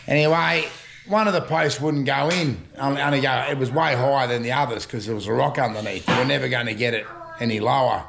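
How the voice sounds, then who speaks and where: An older Australian man, a storytelling vlogger, spins rambling yarns at home in casual slang, chuckling along. His medium-pitched voice is fast and creaky, with background noise behind it.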